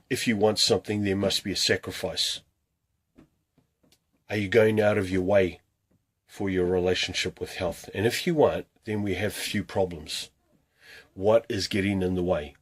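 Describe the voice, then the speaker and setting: A man's voice: sits low, steady tone, moderate pace, long pauses, slightly rough. A man talking to camera as a fitness coach, urging viewers with a string of earnest rhetorical questions. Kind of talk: motivational talk to camera.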